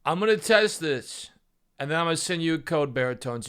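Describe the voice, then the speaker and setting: A man's voice: a little high, lively intonation, brisk, music in the background. A man live streaming who stammers, swears a lot and sounds frustrated.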